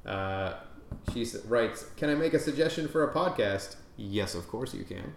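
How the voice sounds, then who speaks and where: Man host, wry casual delivery, mid pitch, roomy echo. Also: expressive, normal speed, gravelly. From Canada. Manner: wry, reads listener emails aloud. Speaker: podcast host. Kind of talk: casual chat. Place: room with several people. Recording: echoey room, faint background noise.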